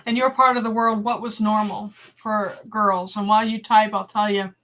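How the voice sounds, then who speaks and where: A woman's voice: mid-range voice, moderate pace, slight background noise. A woman in her sixties with a Boston accent, casually telling blunt stories to a live chat as host and acting out the voices she quotes. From Boston area. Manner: blunt, animated storyteller, acts out quoted voices. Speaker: livestream host.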